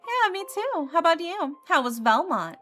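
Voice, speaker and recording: A woman's voice: very high voice, sing-song, normal speed, bright, forceful tone, faint music behind, pitched above the performer's own voice, heavily acted. A woman putting on a breezy, boastful ex-girlfriend. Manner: light, cheerful, boastful tone. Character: breezy, self-satisfied young woman ex-girlfriend. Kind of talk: reading game dialogue aloud.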